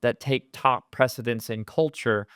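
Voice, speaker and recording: A man's voice: mid-range voice, fairly even intonation, a little slow, a bit bright, clear, resonant tone, dry recording, clean studio sound. A man leading a conversational Bible study, earnest and explanatory, often repeating words as he works out a thought.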